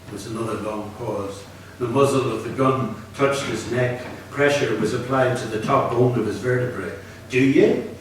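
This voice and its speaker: A Northern Irish man in his sixties from Belfast, an author reading his fiction aloud in a measured, low-key way. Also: fairly even intonation, slight background noise. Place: lecture hall at a reading event. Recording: echoey hall, from far off.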